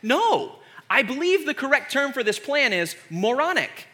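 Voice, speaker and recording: A man in his thirties preaching a comedic sermon in an animated, joking, sarcastic way. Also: very high-pitched, moderate pace.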